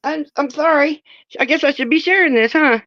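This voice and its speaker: A woman with a high voice chats on a livestream and slips into soft, cooing baby talk toward a little animal. The sound is dry and close, a little dull and lo-fi. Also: fairly quick, no room sound. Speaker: livestream co-host. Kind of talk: casual livestream chat. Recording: dull lo-fi stream audio.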